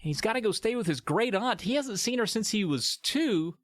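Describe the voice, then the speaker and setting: A man's voice: high-pitched, expressive, normal speed, a bit bright, no echo, studio quality. A man co-hosting a podcast, chatting casually with playful, drawling asides. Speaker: podcast co-host.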